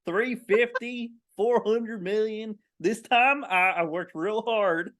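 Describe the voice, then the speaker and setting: A man's voice: high voice, slow pace, fairly bright tone, pitched above the performer's own voice. A man voicing a bumbling rural crab counter in a submarine, speaking with an earnest Southern drawl.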